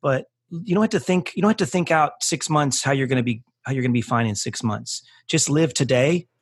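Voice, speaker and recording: Man, podcast guest, husky voice, earnest, heartfelt faith talk and prayer, dry close sound. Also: mid-range voice, fairly quick, dry recording. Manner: earnest, restarts often, repeats words for emphasis.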